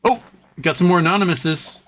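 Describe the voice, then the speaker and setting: A man's voice: a little fast, fairly bright tone, a little hiss or hum. A man hosting a casual livestream from home, rambling between topics and reading out viewer comments. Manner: rambling, talks to his dog in a high coaxing voice. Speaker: livestream host. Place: home during a thunderstorm.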